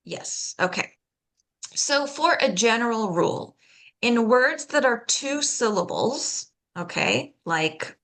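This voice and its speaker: Bright, gravelly-voiced woman teaching pronunciation. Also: a little high. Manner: patient, explanatory, checks in with frequent "okay?"; demonstrates sounds slowly and deliberately. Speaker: pronunciation workshop instructor. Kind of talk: live online workshop teaching.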